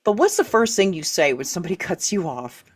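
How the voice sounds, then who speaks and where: Middle-aged lady, kinda low voice, chatty interview guest, laughs a lot and acts out what people say. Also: fairly quick, slightly rough. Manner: animated, laughs often, acts out quoted reactions. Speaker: author and writing coach, interview guest. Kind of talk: candid conversational interview.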